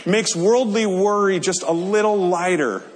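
High-voiced man preaching in a reverberant hall. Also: a little slow. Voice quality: earnest, conversational, checking in with "right?". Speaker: pastor. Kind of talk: sermon.

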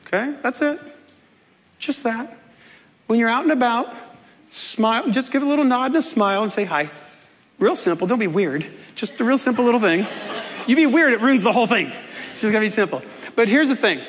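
A man preaches with a high, lively voice that swoops as he tells a story. He teases and coaxes his congregation with a playful touch. The sound carries a long reverb from the church hall around him. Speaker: pastor. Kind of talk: sermon.

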